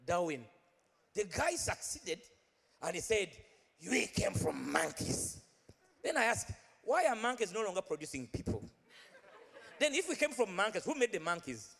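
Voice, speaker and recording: High-pitched man preaching in a big hall. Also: sing-song, moderate pace, gravelly, pauses often, a bit bright. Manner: exhorting, repeats phrases, leads the crowd in chants. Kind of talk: live sermon with prophecy and call-and-response. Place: large church hall. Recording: long reverb of a large hall.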